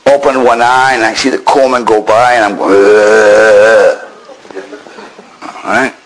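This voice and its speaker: A man's voice: mid-range voice, steady tone, brisk, fairly bright tone, poor audio. An older man from Maine telling his own war story with dry, wry understatement. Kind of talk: personal storytelling.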